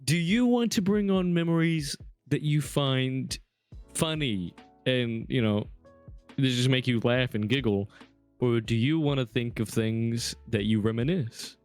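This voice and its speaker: A man's voice: mid-range voice, measured pace, faint music behind. A young man co-hosting a podcast, talking casually and playfully with a friend. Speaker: podcast co-host. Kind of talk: casual chat.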